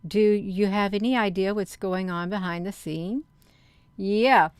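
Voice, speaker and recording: A woman's voice: medium pitch, steady tone, unhurried, clear, resonant tone, no room sound. A woman chatting casually to her viewers, rambling through online rumors with lots of fillers, calling them "you all.". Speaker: vlogger.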